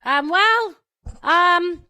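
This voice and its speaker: An American woman co-hosting a charity livestream in casual chat, with a squeaky, distinctive voice, bubbly and chatty, laughing often. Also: very slow, sharp tone. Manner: chatty and bubbly, laughs often, says "you know what I'm saying". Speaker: co-host of a charity auction livestream.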